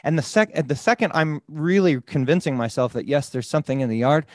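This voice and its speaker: Animated man telling a story with a dry close sound. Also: on the high side, a little fast, no echo. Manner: animated storyteller, swears freely, says "dude" a lot. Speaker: podcast host. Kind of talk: casual conversation.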